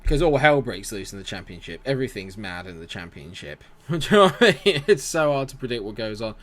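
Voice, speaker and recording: A man's voice: fairly low pitch, very animated, brisk, fairly bright tone. Chatty man streaming a game. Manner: chatty, rambling, reads chat aloud and answers it. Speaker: gaming streamer. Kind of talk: casual live-stream commentary.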